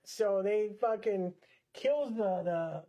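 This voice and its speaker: A man's voice: high-pitched, takes it slowly, dark tone. A man co-hosting a casual horror movie discussion, chiming in with crude jokes and swearing. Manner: crude, joking interjections. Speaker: podcast co-host.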